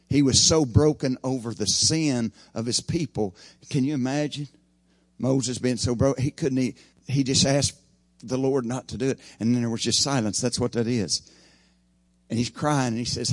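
A man preaching a sermon, swelling loud and high for emphasis, then dropping to a hushed, slow delivery. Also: dry recording.

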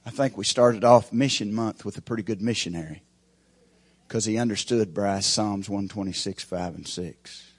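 A man preaching a sermon as pastor, with folksy grammar, swinging from shouted peaks to hushed, quiet lines. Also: on the low side, normal speed, slightly rough, dry recording.

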